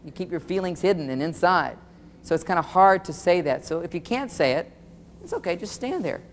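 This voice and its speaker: Animated man lecturing in a reverberant hall. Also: high-pitched, brisk, a little hiss or hum. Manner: animated, acts out quoted dialogue, addresses audience directly. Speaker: relationship seminar speaker. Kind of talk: live seminar lecture.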